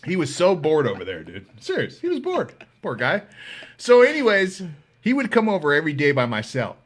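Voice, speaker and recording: A man hosting a podcast, casually telling a story, animated and profane, acting out the voices of people he quotes. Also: a little high, brisk. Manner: animated, swears freely, acts out quoted voices. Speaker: podcast host.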